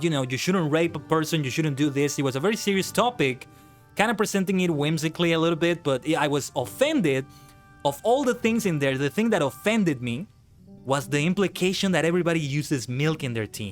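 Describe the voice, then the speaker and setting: A man chatting on a live gaming stream who breaks into animated, swearing rants. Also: fairly high pitch. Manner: ranting, swears freely, animated outbursts. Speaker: VTuber streamer. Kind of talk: casual live-stream chat while gaming.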